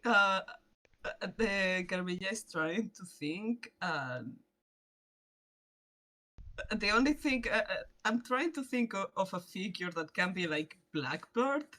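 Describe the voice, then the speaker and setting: Woman role-player, slow hesitant narration, lots of laughter, bright lowish voice. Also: expressive. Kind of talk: casual tabletop role-play narration.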